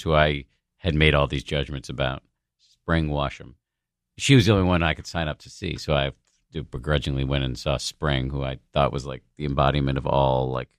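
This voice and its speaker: Very deep-voiced man telling a frank story. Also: dry recording, studio quality. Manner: frank and profane, self-deprecating. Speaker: podcast guest. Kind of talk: candid conversational storytelling.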